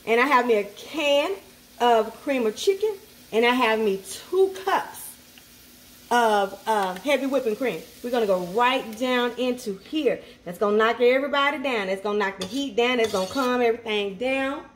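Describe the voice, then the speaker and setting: A woman's voice: on the high side, expressive, moderate pace, a little hiss or hum. Sassy woman chatting over a skillet. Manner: chatty, playful, sassy asides, talks to the food. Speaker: cooking channel host. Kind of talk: casual cooking tutorial. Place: home kitchen at the stove. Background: food sizzling in a skillet.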